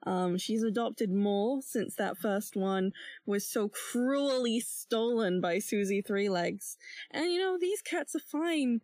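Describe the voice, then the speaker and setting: A woman's voice: mid-range voice, expressive, slow, a little mellow, no echo, studio quality. A young woman player narrating a tabletop game in a rambling, laid-back way with many fillers.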